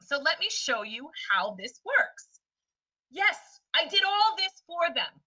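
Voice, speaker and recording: A woman teacher presenting a webinar lesson in a lively way, often slipping into quick voices for students and friends. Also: very high voice. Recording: distant, dull lo-fi sound.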